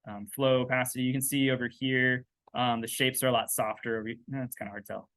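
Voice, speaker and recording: A man's voice: mid-range voice, little pitch movement, quick pace, fairly bright tone, no room sound. Casual man thinking aloud over a tutorial. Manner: loose and chatty, thinking aloud with many fillers and "right?". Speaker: 3D texturing instructor. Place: indoors at a laptop.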